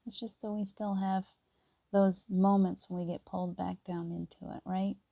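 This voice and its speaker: A middle-aged woman hosting a spiritual live stream, talking softly and earnestly and greeting viewers by name. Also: mid-range voice, level tone, moderate pace, creaky, dry recording.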